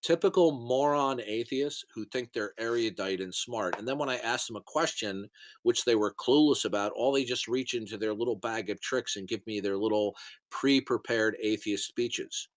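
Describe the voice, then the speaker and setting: A man's voice: mid-range voice, normal speed. A man lecturing in a casual voice chat, scornful and repetitive, with hiccups. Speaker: Christian apologist in voice chat. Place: online voice chat.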